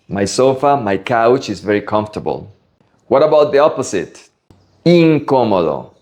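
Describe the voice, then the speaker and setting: A man from Latin America teaching Spanish vocabulary, slowly drilling pronunciation word by word. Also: medium pitch, a little mellow. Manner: slow, careful pronunciation drills. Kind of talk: vocabulary lesson.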